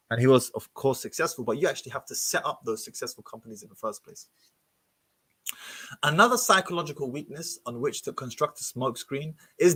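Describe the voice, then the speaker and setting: A man reading passages from a book aloud and breaking off to comment on them in an expressive, animated way. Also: mid-range voice, husky, no echo.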